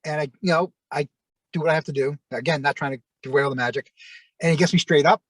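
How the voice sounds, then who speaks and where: A former wrestler as an interview guest, telling long rambling anecdotes with lots of fillers and acted-out quotes. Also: male voice, a little high, steady tone, quick pace, a bit bright, dry recording, poor audio. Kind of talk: casual storytelling.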